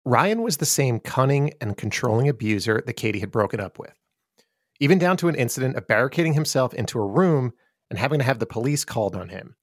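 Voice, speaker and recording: A man host giving measured, grave narration of a true story. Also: mid-range voice, animated, no room sound, clean studio sound. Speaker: podcast host. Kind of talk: scripted narration.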